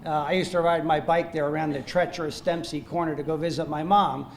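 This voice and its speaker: An older man speaks to a gala crowd in a slightly high voice, halting and full of fillers. He sounds self-deprecating, and faint room noise sits underneath. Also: fairly even intonation. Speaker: guest speaker at a gala, Army veteran. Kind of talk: informal remarks to an audience. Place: banquet hall at an evening gala.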